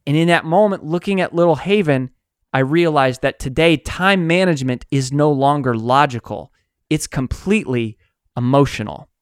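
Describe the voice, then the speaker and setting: A man, an author who runs a coaching company, telling stories in a conversational interview, animated and acting out quotes. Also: on the high side, moderate pace, smooth, no echo, clean studio sound. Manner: animated storyteller, acts out quotes.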